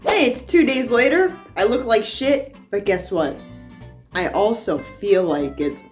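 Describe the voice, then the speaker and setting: A young woman casually chatting in a home-project vlog, excitable and a little sweary, often trailing off mid-sentence. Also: a little high. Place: house indoors.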